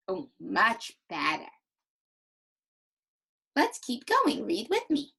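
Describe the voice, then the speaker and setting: Slow, animated woman teacher with husky voice. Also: on the high side, low-quality recording. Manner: exaggerated, animated demonstration voice. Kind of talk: recorded reading lesson for young children.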